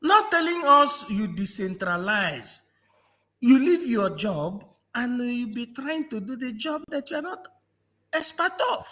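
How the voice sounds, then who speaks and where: Man, from Nigeria, high voice, mocking, laughs a lot, political discussion. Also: very animated, unhurried, bright, forceful tone. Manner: mocking, laughs often, repeats phrases. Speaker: panel guest.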